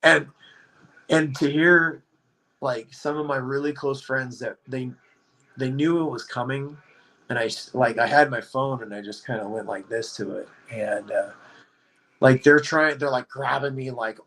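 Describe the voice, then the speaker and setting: A man telling a story on a podcast, in a rambling, animated way, leaning hard on "like.". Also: medium pitch, measured pace, low-quality recording. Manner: rambling, animated, heavy use of "like". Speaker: podcast guest. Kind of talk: casual storytelling chat.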